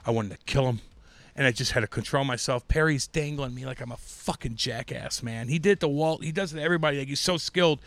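A man's voice: mid-range voice, fast talker, no echo. A middle-aged American man chats on a podcast, swearing constantly and acting out quotes at full volume. His voice sits mid-range and close to the mic, dry with no room sound. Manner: profane, excitable, acts out quotes loudly. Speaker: podcast co-host. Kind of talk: casual chat, storytelling.

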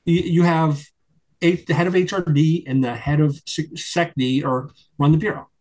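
An older man talking as a guest in an interview, rambling with many restarts and climbing higher when worked up. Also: steady tone, moderate pace, a little mellow. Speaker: guest, retired FBI agent and attorney. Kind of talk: conversational interview.

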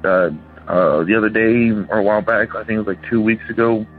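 A man's voice: on the low side, brisk. A man in his thirties, a caller rambling through a ghost story and acting out the voices of the people in it. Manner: rambling, acts out quoted voices. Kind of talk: casual phone-in storytelling. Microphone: phone. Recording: tinny phone line with faint music.

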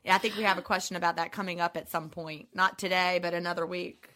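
A woman with a subtle Southern accent co-hosting a podcast, a bit hoarse, chatting and reading listener mail aloud. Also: fairly low pitch, fairly even intonation, fast talker, bright, forceful tone. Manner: chatty, laughs often, reads letters aloud. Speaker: podcast co-host.

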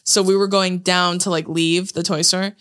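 Woman, podcast co-host, casual chat, animated storyteller, swears a lot, bright voice. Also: on the low side, moderate pace, smooth. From Hawaii.

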